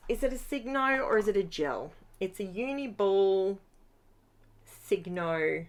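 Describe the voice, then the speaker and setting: A woman's voice: medium pitch, expressive, measured pace. Chatty tired woman crafter. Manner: chatty, upbeat, rambling asides. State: tired at the end of a long day. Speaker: craft vlogger. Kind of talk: casual voice-over narration of a scrapbooking process.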